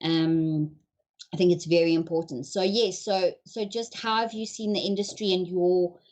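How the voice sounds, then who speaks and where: A woman's voice: on the low side, fairly even intonation, normal speed, a little mellow. A woman hosting an online interview, asking long questions and searching for her words as she goes. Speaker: host. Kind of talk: casual interview chat.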